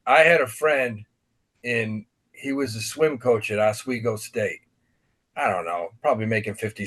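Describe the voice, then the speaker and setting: A man of mid-range pitch chatting on a podcast. He tells stories about friends in a loose, meandering way, with plenty of fillers. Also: fairly bright tone. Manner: rambling anecdotes with many fillers. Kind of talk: casual podcast chat.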